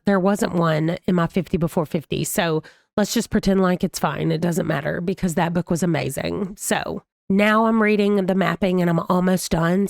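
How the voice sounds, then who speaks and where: A woman's voice: fairly low pitch, no room sound, clean studio sound. A woman, chatting casually about her reading in a book vlog while sick and a little strained. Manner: chatty, gushing, Southern "y'all". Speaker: booktuber host. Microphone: desk microphone.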